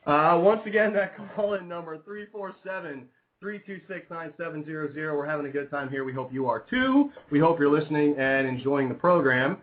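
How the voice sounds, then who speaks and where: A man's voice: a little high, a little fast. A man hosting a radio show, chatting casually and rambling, plugging sponsors and reading out the call-in number. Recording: tinny phone-like lo-fi sound.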